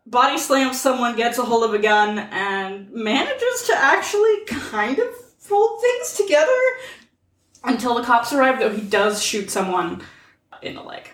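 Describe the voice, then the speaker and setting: A woman's voice: a little high, animated, measured pace, fairly bright tone, recorded from a distance. Chatty woman in an echoey room. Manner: chatty, retells scenes with quoted lines. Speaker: podcast co-host. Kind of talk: casual chat.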